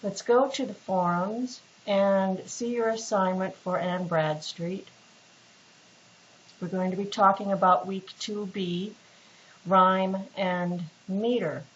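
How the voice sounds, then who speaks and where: This clip features a woman who teaches literature, lecturing in a relaxed, patient way with lots of fillers and false starts. She talks slowly in a steady, medium-pitched voice. Faint hiss runs under the dull, lo-fi audio.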